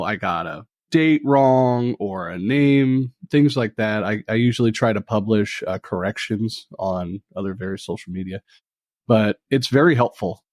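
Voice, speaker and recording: Measured low-voiced man podcaster. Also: darkish tone, no echo, clean studio sound. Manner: hesitant, measured. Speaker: true crime podcaster. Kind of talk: roundtable discussion.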